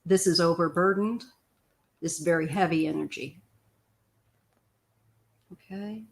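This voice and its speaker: A woman's voice: on the low side, measured pace. Older woman chatting through a tarot reading. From Missouri, US. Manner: rambling, chatty, frequent throat clearing. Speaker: tarot reader. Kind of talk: live-stream tarot reading.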